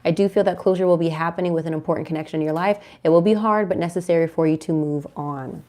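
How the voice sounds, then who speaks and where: A woman's voice: fairly low pitch, steady tone, fast, dark tone. A young woman tarot reader chatting casually to her viewers, sometimes breaking off to coo affectionately at her dog. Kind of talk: casual tarot reading chat to camera.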